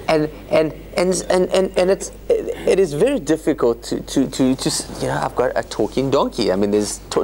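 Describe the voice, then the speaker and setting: A man teaching a Torah study class as a rabbi, explaining scripture in an animated way with joking asides. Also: a little high, a little hiss or hum. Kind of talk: informal Bible lecture.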